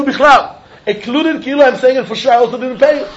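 A man's voice: very high-pitched, quick pace, a little hiss or hum. A man teaching a Talmud lesson, arguing both sides back and forth and often laughing as he explains. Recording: dull lo-fi recording.

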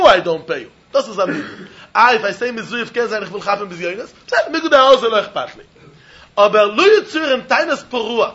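A man teaching a Talmud study lecture in an animated, questioning way, mixing Yiddish phrases into his English. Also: high-pitched, lo-fi sound.

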